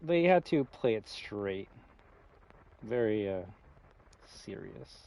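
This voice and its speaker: A man's voice: lowish voice, animated, slow pace, gravelly, a little mellow. A man live-streaming a game, talking casually and rambling, swearing often and restarting his sentences. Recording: slightly muffled with faint music.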